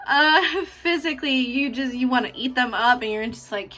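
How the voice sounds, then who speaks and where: A woman talks through a pick-a-card tarot reading in a loose, chatty way, affectionate and freely profane. Her voice sits fairly high and sounds bright and forward. Faint music plays in the background. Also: normal speed. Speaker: tarot reader.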